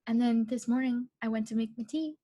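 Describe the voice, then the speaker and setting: A woman's voice: fairly high pitch, fairly quick, mellow. A young woman co-hosting a casual podcast, talking in a chatty way with lots of fillers and frequent laughs. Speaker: podcast co-host. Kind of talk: casual chat.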